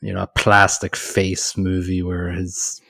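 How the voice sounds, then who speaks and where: A man's voice: deep voice, completely flat delivery, unhurried, gravelly, pushed and bright. A man co-hosting a casual movie podcast, rambling and hesitant, with many restarts. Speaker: podcast co-host.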